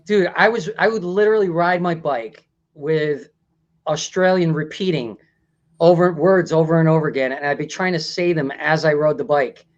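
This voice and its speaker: Rambling at a normal pace, this talk show host laughs often in a relaxed setting. His voice sits fairly high, and the lo-fi sound is a bit dull.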